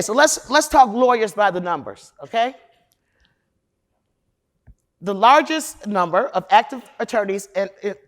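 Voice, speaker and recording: Woman, defense lawyer from Chicago, loud, emphatic, opinionated, candid profane talk, mid-pitched. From Chicago, USA. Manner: talks straight to the audience.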